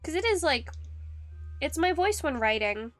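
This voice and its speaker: A young woman with a high, light voice rambles through a casual stream chat, circling back on herself and laughing between thoughts. Her voice sits close and dry at the mic, with faint music underneath. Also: big pitch swings, unhurried, fairly bright tone, no room sound. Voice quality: high-pitched voice. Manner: rambling, with restarts and frequent laughs. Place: home streaming setup.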